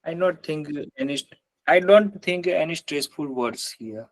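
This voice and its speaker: A man student in an online class, reading sentences aloud slowly and carefully. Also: on the high side, animated.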